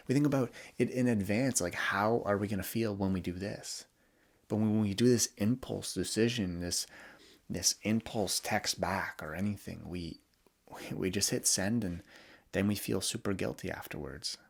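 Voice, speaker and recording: Young man, very low voice, candid podcast monologue, halting and vulnerable. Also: vocal fry. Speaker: podcast host. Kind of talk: personal reflective monologue.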